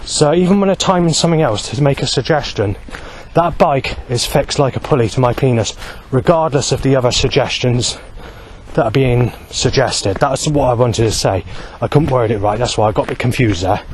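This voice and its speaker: A middle-pitched man in his forties delivers a rambling, aggrieved monologue outdoors beside a road. He restarts and repeats himself as his thoughts tumble out. A faint hum of passing traffic sits underneath. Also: moderate pace, rough recording. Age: 40s. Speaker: vlogger.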